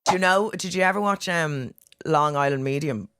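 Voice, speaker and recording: A woman with a Dublin Irish accent, a comedian guest chatting casually on a podcast, sweary and animated as she tells stories. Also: low-pitched, clear, resonant tone. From Ireland, Dublin. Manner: quick, sweary, animated storytelling.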